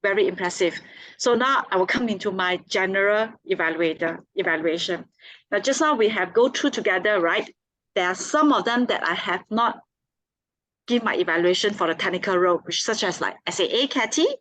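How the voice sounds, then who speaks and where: A woman of middle pitch giving a general evaluation at a club meeting. She praises people in a chatty, loose way, with plenty of "like", and her voice sounds close and dry. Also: a little fast, a bit bright, no echo, rough recording. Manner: complimentary, chatty, fills gaps with "like".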